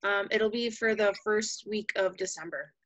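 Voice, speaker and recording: A woman's voice: medium pitch, normal speed, fairly bright tone, no echo, rough recording. A woman sales rep on a team call, rambling casually with many fillers. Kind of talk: casual meeting talk.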